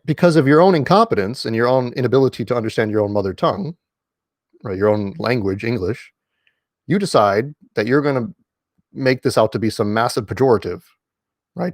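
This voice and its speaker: A man's voice: mid-range voice, no room sound. Emphatic man lecturing in a dry room. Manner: emphatic, repeats key words, frequent fillers and restarts. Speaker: online commentator. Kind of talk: casual lecture-style monologue. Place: indoors at home.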